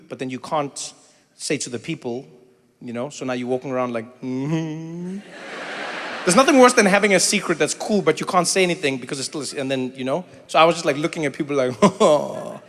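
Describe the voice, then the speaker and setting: A middle-aged man from South Africa doing animated stand-up comedy with crowd work, acting out voices as he tells stories. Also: a little high, a little hiss or hum. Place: large theater stage. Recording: reverberant hall with faint ambience.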